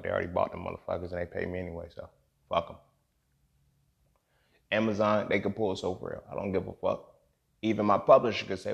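Speaking at a fairly low pitch with vocal fry, a male podcast host delivers an impassioned solo vent. It's angry, emotional, emphatic, and profane, punctuated often by "you feel me."

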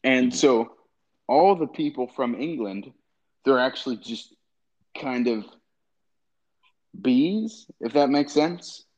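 A man's voice: mid-range voice, lively intonation, slow, long pauses, a little mellow. A man hosting a casual comedy podcast, hesitant and giggly, leaning on fillers. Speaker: podcast host. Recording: dull lo-fi recording.

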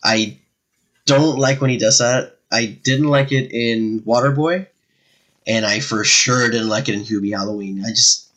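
A man's voice: mid-range voice, a little slow, fairly bright tone, low-quality recording. A man co-hosting a casual movie podcast, talking in a laid-back way with many fillers and restarts. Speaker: podcast co-host.

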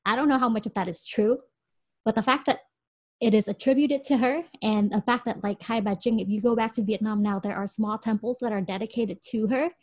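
A young American woman co-hosting a podcast, telling a story in an animated way and laughing often. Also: on the high side, dry recording. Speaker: podcast co-host. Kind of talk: casual chat.

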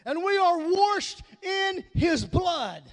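A pastor with a Southern American accent, preaching a sermon with shouted, drawn-out emphasis. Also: male voice, very high-pitched, big pitch swings.

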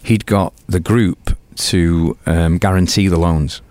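A man's voice: low voice, fairly even intonation, takes it slowly, a little mellow. An older man with a British accent, talking as an interview guest. He tells stories animatedly, swears freely and acts out other people's lines. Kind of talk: casual interview storytelling.

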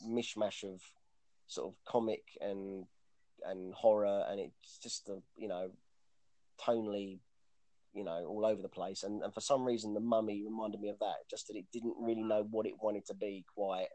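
A man talks casually about movies in a fairly low voice, rambling and restarting his sentences as he goes. The recording is dry and close, with no room sound. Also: fairly even intonation, normal speed, mellow, no echo. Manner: rambling, chatty, frequent restarts and fillers. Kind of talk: casual chat about films.

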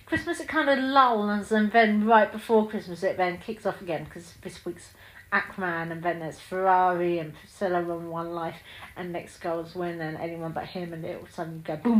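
A woman's voice: fairly low pitch, normal speed, a little hiss or hum, poor audio. Chatty woman in her thirties. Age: 30s. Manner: chatty and gushing, with frequent ums. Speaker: podcast host. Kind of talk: casual solo film chat.

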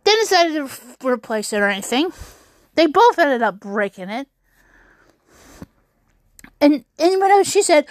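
Upset high-voiced woman rambling. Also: very animated, moderate pace, pauses often, dry recording. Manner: upset, rambling, many restarts and fillers. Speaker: YouTuber. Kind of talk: personal storytime vlog.

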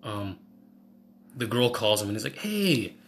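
A man reviewing a movie in casual chat, animated and acting out scenes in quick voices. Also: on the low side, creaky, slight background noise.

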